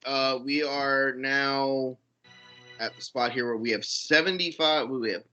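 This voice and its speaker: A man's voice: medium pitch, steady tone, measured pace, bright, forceful tone, muffled recording, soft background music. A man co-hosting a casual podcast, reading out rankings like a ring announcer and swearing casually. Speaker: podcast co-host.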